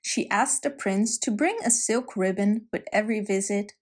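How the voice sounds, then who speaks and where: A woman telling a fairy tale gently, with asides to the listener. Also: mid-range voice, moderate pace. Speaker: storyteller.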